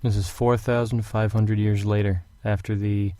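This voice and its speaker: A man's voice: lowish voice, moderate pace, no echo. A young man recording a home audiobook of a fantasy novel, chatting casually before reading steadily. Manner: casual rambling intro, then steady reading. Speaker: audiobook reader. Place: hot room at home.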